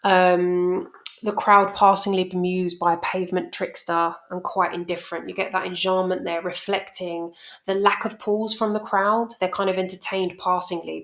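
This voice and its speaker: A woman teacher talking through a poem for exam revision, thoughtful and unhurried, often pausing and restarting. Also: on the low side, fairly bright tone. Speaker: English teacher. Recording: echoey room.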